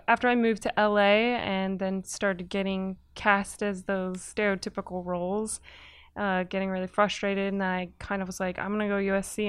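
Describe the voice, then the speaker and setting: Woman filmmaker guest: animated, talkative, smooth clear voice, dry close mic. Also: medium pitch, no room sound. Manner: animated, talkative, laughs often. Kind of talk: casual interview chat.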